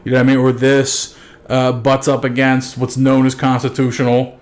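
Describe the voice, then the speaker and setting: A man's voice: mid-range voice, completely flat delivery, normal speed. A man in a casual podcast chat, thoughtfully explaining his views with some casual swearing. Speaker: podcast co-host.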